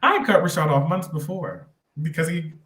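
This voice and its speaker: A man's voice: fairly high pitch, a little fast. Man telling his story in a roomy room. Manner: rambling, animated retelling with restarts. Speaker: podcast guest. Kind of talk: personal storytelling in an interview. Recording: roomy echo.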